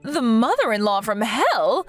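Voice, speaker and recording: A woman's voice: fairly high pitch, very animated, a little slow, soft background music. Text-message story: a woman playing a scheming older mother-in-law, syrupy and mocking.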